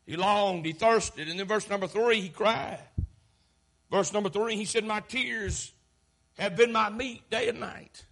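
High-pitched impassioned preacher. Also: male voice, measured pace, gravelly. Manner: impassioned, swelling to shouts and dropping low. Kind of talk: sermon.

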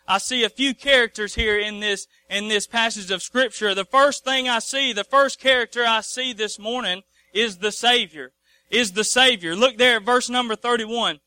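A man's voice: high voice, sharp tone, clean tone, no echo. A man preaching a folksy sermon, repeating his phrases and calling for amens.

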